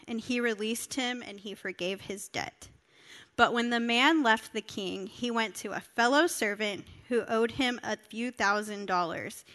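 Woman preacher, sermon with scripture reading, high-ish bright tone, earnest and direct. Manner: earnest, emphatic, talks directly to listeners.

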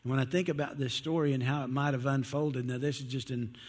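A man delivers a sermon in a relaxed, folksy storytelling manner. His voice is husky, neither high nor low. It rings with the long reverb of a large hall. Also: quick pace. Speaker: preacher.

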